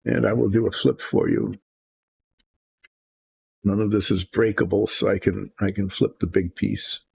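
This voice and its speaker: Husky, gravelly man, casual hobby-painting host, self-mocking and indecisive. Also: fairly low pitch, steady tone, a little slow, a little mellow. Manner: rambling, self-deprecating, indecisive. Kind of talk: relaxed hobby chat while painting.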